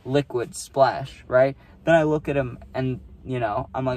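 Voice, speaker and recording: A man's voice: mid-range voice, a little slow, darkish tone. A young man telling a casual storytime vlog, rambling with lots of fillers and swearing. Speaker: vlogger.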